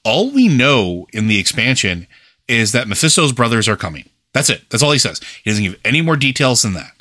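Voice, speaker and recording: A mid-range male voice with big pitch swings and a sharp tone moves fairly quickly. He's a podcast co-host chatting casually and rambling with many fillers, recorded dry in studio quality.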